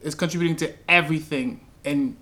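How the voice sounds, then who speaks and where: A man's voice: fairly high pitch, a little fast, bright, forceful tone. A man hosting a casual podcast, reacting to a clip and putting questions to his co-host.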